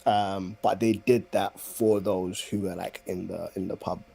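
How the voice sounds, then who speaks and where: Husky laid-back man. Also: sits low, steady tone, unhurried, dark tone. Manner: laid-back, slangy banter. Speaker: podcast guest. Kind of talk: casual chat.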